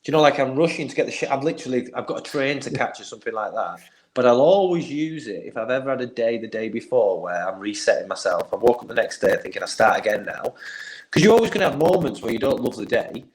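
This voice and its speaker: A man's voice: mid-range voice, animated, quick pace, low-quality recording. A man who works as a mindset and performance coach, chatting casually as a podcast guest and telling earnest, motivational anecdotes.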